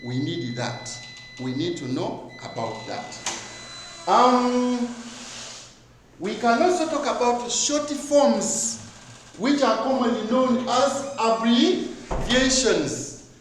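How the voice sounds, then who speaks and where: Man, high voice, teaching an exam review in an echoey room, lots of rhetorical questions. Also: animated, takes it slowly, noisy background. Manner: rhetorical questions, repeats key words for emphasis.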